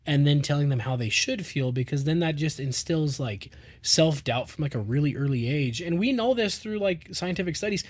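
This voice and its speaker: A man's voice: a little high, lively intonation, normal speed. A man in his thirties, a podcast co-host, talking casually in a rambling way with lots of fillers. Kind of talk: casual chat.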